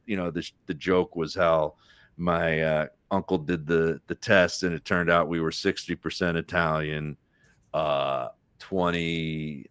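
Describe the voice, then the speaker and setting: Middle-aged male comic, deep dry voice, loose rambling storyteller. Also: a bit bright, clean tone, no room sound. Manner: rambling joke-telling with restarts. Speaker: comedian guest. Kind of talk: casual chat on a live podcast.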